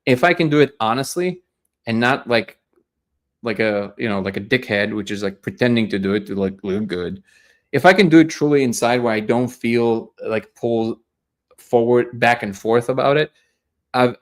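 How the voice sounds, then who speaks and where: A man hosting a daily live discussion show, talking in an earnest, reflective way and often repeating words as he gathers his thoughts. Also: mid-range voice.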